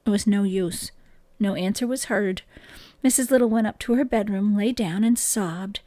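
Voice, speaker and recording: A woman with a medium-pitched voice reads a children's book aloud at a moderate pace, gentle and expressive, sitting close to the microphone with no echo around her.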